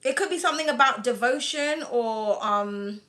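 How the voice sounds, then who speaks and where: British woman, fairly high and bright voice, a bit whiny, rambling tarot reader, live-stream chat. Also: normal speed. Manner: chatty and rambling, full of "like" and "um", laughs often.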